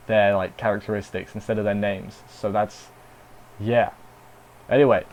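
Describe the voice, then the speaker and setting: A man's voice: fairly low pitch, a little mellow, poor audio. A man casually reviewing an anime episode, rambling, with dry sarcastic asides.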